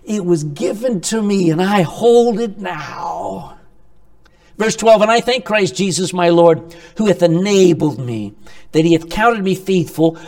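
Lively high-voiced male preacher. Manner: animated, swings between loud emphasis and quiet asides; asks the congregation rhetorical questions. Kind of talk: sermon.

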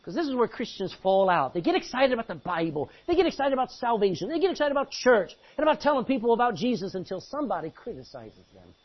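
Animated husky-voiced male preacher. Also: very high voice, fast talker, few pauses. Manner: animated, exhorting, rhetorical questions. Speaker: pastor. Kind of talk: sermon. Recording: muffled lo-fi recording.

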